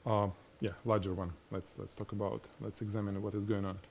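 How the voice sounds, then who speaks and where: A man with a strong Russian accent whose first language is Russian, teaching product photography on a live stream in an animated, demonstrating way. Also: on the low side, a little fast, creaky, a little hiss or hum. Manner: animated, explains by demonstrating, laughs at himself. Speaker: photography instructor.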